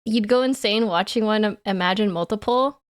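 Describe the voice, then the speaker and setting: A woman's voice: medium pitch, brisk. A woman livestreamer chatting casually with her chat in a playful, giggly way.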